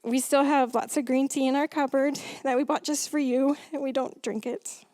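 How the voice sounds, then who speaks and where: A woman with an English accent reading family tributes aloud at a memorial, measured and pausing to clear her throat. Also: high voice, fairly even intonation, a little mellow, dry recording.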